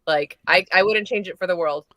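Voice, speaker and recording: An earnest woman speaks with a bright, sharp tone. The sound is dry and close, and she talks reflectively in casual panel talk. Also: fairly low pitch, a little fast, no echo.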